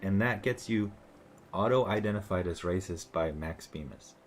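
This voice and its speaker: At a moderate pace and in a low voice, with gentle music behind him, a commentator mocks online posts. He rambles casually, restarting sentences and dropping fillers often.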